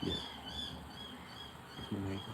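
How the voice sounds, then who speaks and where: A man's voice: a little slow, very noisy. An Australian man with an Australian accent, rambling loosely and swearing on a casual livestream, sometimes dropping into half-whispers. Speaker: livestream host.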